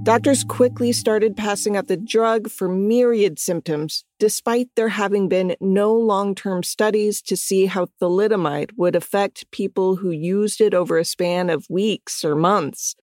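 A woman hosting a podcast, giving scripted history narration in an even, measured read with chatty asides. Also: medium pitch, no room sound, studio quality. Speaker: podcast host.

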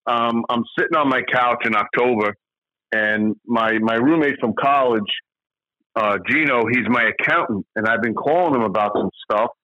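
A middle-aged man, a former hitting coach, guesting on an interview and telling lively anecdotes. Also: medium pitch, normal speed, no room sound. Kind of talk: conversational storytelling. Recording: slightly muffled, dry sound.

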